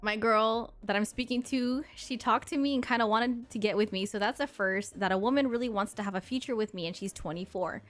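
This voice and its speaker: A woman's voice: fairly high pitch, fairly quick, hardly any pauses, fairly bright tone, faint music behind. A woman in her thirties, a streamer in casual chat with her viewers, talking in a blunt, sassy and crude way and laughing often. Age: 30s.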